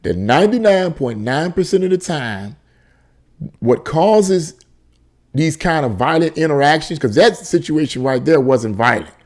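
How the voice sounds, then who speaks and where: A man's voice: on the high side, animated, unhurried, darkish tone. A man reading a news article aloud and breaking off into indignant commentary. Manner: indignant, exclaims and laughs in disbelief. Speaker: commentary channel host.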